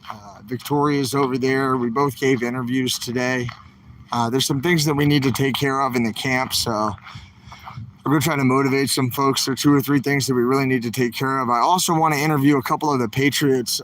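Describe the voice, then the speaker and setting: A man's voice: medium pitch, fairly bright tone, slight background noise, low-quality recording. A man hosting a casual outdoor livestream from a protest camp, talking straight to his viewers in an upbeat, rambling way. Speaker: livestream host. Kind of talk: casual walk-and-talk livestream.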